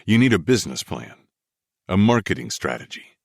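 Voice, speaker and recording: Male audiobook narrator, low and expressive, dry close sound. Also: moderate pace, creaky, no room sound. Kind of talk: first-person romance audiobook narration.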